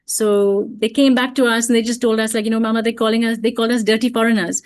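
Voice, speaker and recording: A middle-aged woman giving an online parenting talk, telling stories in a calm, reflective way with many fillers. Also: on the high side, fast. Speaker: parenting speaker.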